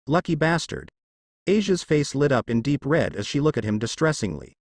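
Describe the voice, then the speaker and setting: A man's voice: medium pitch, very animated, brisk, darkish tone, dry recording, clean studio sound. A man narrating fan fiction aloud in a plain reading manner.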